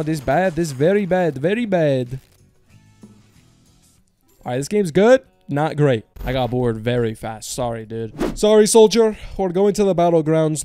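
A man giving casual slot gameplay commentary, joking in slang, swearing a lot and breaking into high yells on big wins. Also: clear, resonant tone. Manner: slangy and joking, talks to viewers as bro and partner. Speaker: slot streamer.

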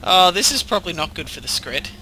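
A man talks through his gameplay in an amused, lively way. His voice is high and very bright, and his pitch swings widely as he speaks. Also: quick pace, a little hiss or hum, low-quality recording. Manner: amused and animated, laughing often. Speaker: gameplay commentator. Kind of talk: casual gameplay chat.

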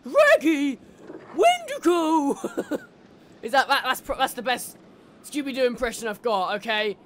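A gamer chatting through a horror game in casual let's-play commentary, joking, swearing and laughing as they go. The voice sits at a middling pitch, with faint game noise underneath. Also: brisk, pushed and bright. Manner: jokey, swearing, laughs often.

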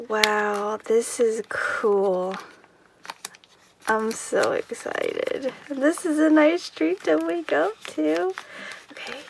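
A woman craft vlogger opening mail in a casual unboxing chat, gushing and excitable, with gasps and whispered asides. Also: high-pitched, slow, gravelly, slight background noise.

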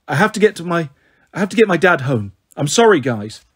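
A man reading the part of an anxious but determined teenage girl in a husky voice, hesitant but trying to sound confident. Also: on the high side, very animated, a little fast. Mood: earnest.

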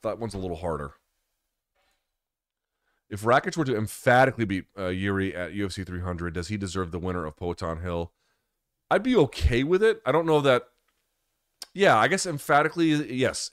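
A man's voice: low-pitched, a bit bright, dry recording, studio quality. A male host in a casual live-stream chat, answering viewer questions in a candid, loose way and swearing freely.

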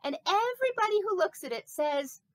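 A woman's voice: extremely high pitch, lively intonation, brisk, no echo, pitched above the performer's own voice. A woman voicing a vain, chatty, silly snake puppet in a children's sermon, talking playfully with rambling asides. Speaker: pastor.

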